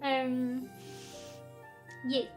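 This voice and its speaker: A young woman with a Scottish accent and a high, light voice chats casually with her stream, giggling often as she reads out viewer questions. Soft music plays faintly underneath. She talks into a good studio microphone. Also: monotone, very slow. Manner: chatty and giggly, reading chat aloud.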